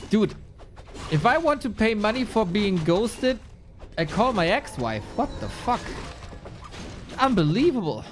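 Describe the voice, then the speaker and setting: A man's voice: sits high, sing-song, a little slow, soft background music. A man casting a live esports match, playful and chatty, talking to his chat and calling out at the screen. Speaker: esports caster. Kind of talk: live game commentary.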